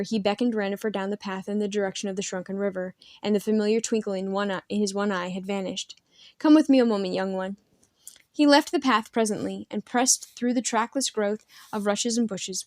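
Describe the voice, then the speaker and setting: A woman's voice: medium pitch, no room sound. Woman reading a story aloud, dry close sound. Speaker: read-aloud narrator. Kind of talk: storybook read-aloud narration.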